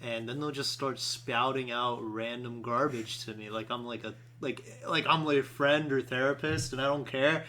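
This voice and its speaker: A man's voice: mid-range voice, fairly even intonation, normal speed, few pauses, bright, forceful tone. A man co-hosting a podcast, speaking in an exasperated, emphatic way while chatting casually. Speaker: podcast co-host. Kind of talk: casual chat.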